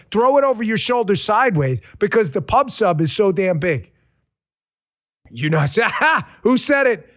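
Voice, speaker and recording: A man's voice: high-pitched, fairly bright tone. A middle-aged man from New York hosting a podcast, talking in a loose, joking way with rambling asides. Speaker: podcast host. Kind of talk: casual political podcast talk.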